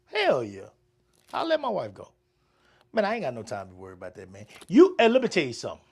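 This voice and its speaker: A man's voice: a little high, huge pitch swings, quick pace, a little mellow, husky. A man co-hosting a podcast in casual chat, frank and profane with emphatic delivery. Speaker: podcast co-host.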